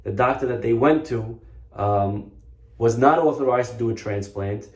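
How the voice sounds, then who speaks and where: Male rabbi, earnest storyteller, emphatic repetition, mid-pitched voice, echoey room. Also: moderate pace. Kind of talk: storytelling sermon. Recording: roomy echo.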